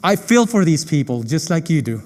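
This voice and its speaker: A man's voice: fairly high pitch, big pitch swings, fairly quick, a little mellow, in a large hall. A man, a state senator, giving a passionate, emotional floor speech with rhetorical questions.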